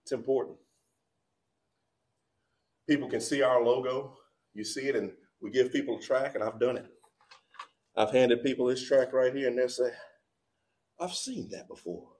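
A man preaching a sermon in a church, moving between quiet, low passages and loud, shouted appeals. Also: fairly even intonation, normal speed, pauses often. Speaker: pastor. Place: church sanctuary.

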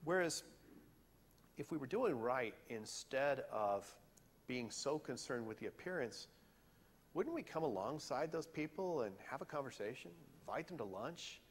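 A man giving a sermon in a church, earnest and questioning, sometimes pausing to search for words. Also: medium pitch. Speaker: pastor. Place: church sanctuary. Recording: hall reverb.

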